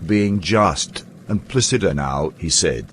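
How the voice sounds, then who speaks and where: A man narrating an animated poem in a measured, storybook style. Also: sits low, slight background noise.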